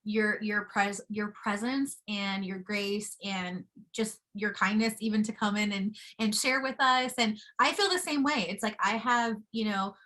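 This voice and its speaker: A woman's voice: mid-range voice, measured pace, hardly any pauses, bright, forceful tone. Woman co-host, mid voice, earnest and encouraging. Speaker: podcast co-host. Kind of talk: podcast interview.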